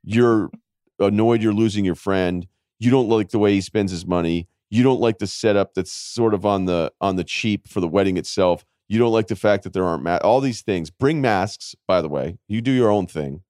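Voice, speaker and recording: A man in his forties hosting a casual podcast, telling rambling stories with wry self-mockery and quick asides. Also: on the low side, a little mellow, no echo, studio quality. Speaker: podcast host.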